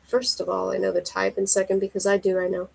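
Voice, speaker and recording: A woman reading the lines of a teasing adult man in a soft, murmured delivery. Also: medium pitch, completely flat delivery, fast talker, creaky, breathy edge, rough recording. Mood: low teasing.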